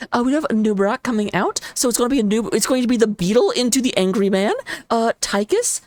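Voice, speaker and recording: A woman with a slightly high voice calls a live esports match. She talks rapidly and excitably, cracking playful jokes as she goes. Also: dry recording. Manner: playful, jokey. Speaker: esports caster. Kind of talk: live game commentary on a stream.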